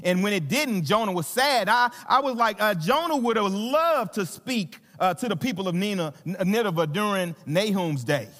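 A man's voice: high-pitched, animated, moderate pace, hardly any pauses, fairly bright tone, long reverb tail. A man with a Southern American accent preaching a sermon as a visiting pastor, talking conversationally and playfully to the congregation with plenty of fillers and restarts. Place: church sanctuary.

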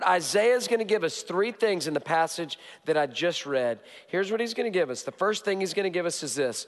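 In a church sanctuary with long, reverberant acoustics, a male pastor preaches briskly and emphatically, his slightly high voice full of lively intonation as he drives points home through repetition and joking asides.

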